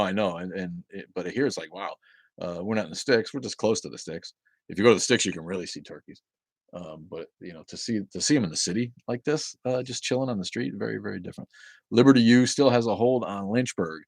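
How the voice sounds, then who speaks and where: A middle-aged man hosts a livestream, reading viewer chat and chatting casually, rambling with profanity between their comments. His voice sits low and is creaky, a bit bright and slightly rough, with no room sound.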